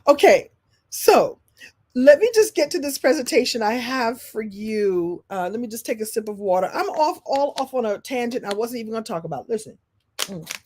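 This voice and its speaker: A woman hosting a live-stream coaching talk. She is expressive and animated, leaping from loud, high bursts down to soft, low asides and repeating phrases for emphasis. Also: normal speed, breathy edge. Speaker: speaker and business coach.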